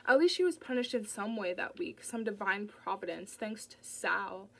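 A woman's voice: medium pitch, lively intonation, moderate pace, vocal fry, bright, forceful tone, full character voice, poor audio. A woman voicing a bitter, hostile young woman who sneers and curses, in an audiobook reading.

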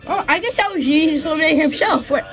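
A woman performing an improvised puppet show in an excitable, squealing manner, putting on a string of silly voices. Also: high-pitched, racing. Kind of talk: playful improvised puppet play.

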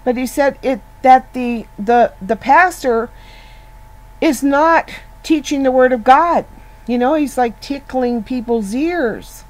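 A woman's voice: high voice, slow pace, low-quality recording. A woman giving an informal Bible teaching in an earnest, conversational way, often restarting and repeating words as she goes.

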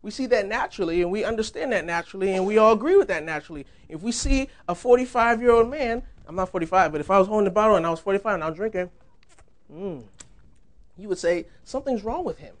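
A man's voice: sits high, expressive, quick pace. A young man giving a sermon in a church, conversational and humorous, laughing often. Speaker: preacher.

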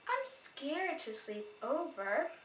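A woman's voice: sits high, sing-song, slow, pitched above the performer's own voice, full character voice. A woman doing a shy, timid little girl. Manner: soft, hesitant. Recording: roomy distant recording, faint noise.

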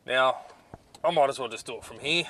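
A man's voice: medium pitch, fairly quick, pushed and bright, slight background noise. A man reviewing off-road navigation gear in a casual vlog, blunt and exasperated, with lots of ums. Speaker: 4WD touring vlogger.

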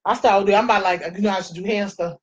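A woman's voice: mid-range voice, steady tone, rapid-fire, husky, highs cut off. A woman in her forties chatting playfully with viewers while she does her makeup. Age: 40s. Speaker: makeup vlogger. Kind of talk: casual chat while doing makeup.

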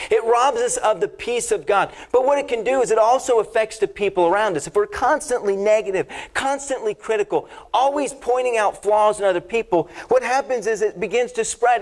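A pastor preaches in a church with a notably high male voice, talking in a relaxed, conversational way. He mixes jokes into his message and keeps checking in with the congregation. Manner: conversational, humorous, engaging the congregation. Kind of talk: sermon with storytelling.

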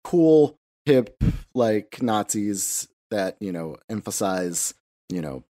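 A man's voice: lowish voice, lively intonation, slow, warm tone. A man co-hosting a casual podcast discussion, rambling with lots of fillers and swearing. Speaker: podcast co-host.

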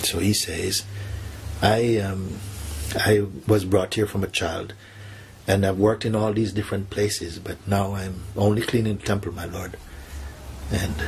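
Deep-voiced man telling a teaching story. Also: fairly even intonation, measured pace, gravelly, breathy edge. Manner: soft-spoken storyteller, acting out the characters' lines. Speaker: spiritual teacher.

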